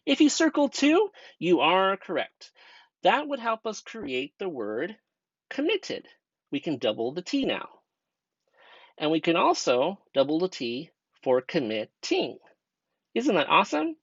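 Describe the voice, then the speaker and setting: A young man teaches a grammar lesson step by step, his pitch bouncing up and down as he asks questions to keep the class with him. The voice-over is dry and a little dull, like a cheap home recording. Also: wildly swooping pitch, unhurried, fairly bright tone, husky, no echo. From United States. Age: young adult. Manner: patient, step-by-step teacher talk with rhetorical questions. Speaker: student teacher.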